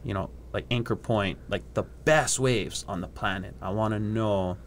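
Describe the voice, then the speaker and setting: Young guy from hawaii, kinda low voice, animated storyteller, little bit of hiss behind. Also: normal speed. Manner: animated, acts out other voices, laughs often. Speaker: guest, surfer and scientist. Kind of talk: casual podcast storytelling.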